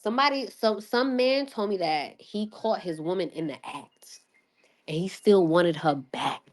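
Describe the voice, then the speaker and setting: Woman on a livestream, super excitable, curses a lot, rambles and restarts, laughs a bunch. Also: mid-range voice, measured pace. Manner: excitable, swears freely, laughs often; rambling with frequent restarts and fillers. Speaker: livestream host. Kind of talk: casual livestream chat.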